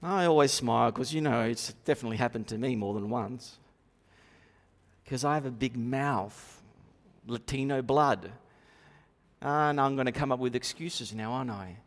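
A man preaching a sermon in a church, swinging between loud emphatic bursts and quiet asides. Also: mid-range voice, normal speed. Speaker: pastor. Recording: long reverb of a church hall.

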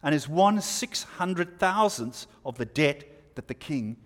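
A man delivers a sermon in a fairly high, animated voice, explaining the scripture verse by verse. Expository in style, he pauses and asks rhetorical questions, all heard through the long reverb of a hall.

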